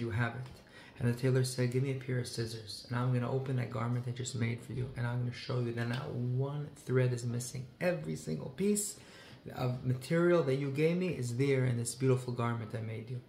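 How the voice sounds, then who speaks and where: A man's voice: medium pitch, steady tone, fairly quick, creaky, a little mellow. A man in a middle register telling a story with feeling, his voice leaning hard on key words and mixing in Hebrew and Yiddish phrases. The room rings around him with a roomy echo. A faint hum of ambience sits underneath. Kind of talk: heartfelt storytelling talk.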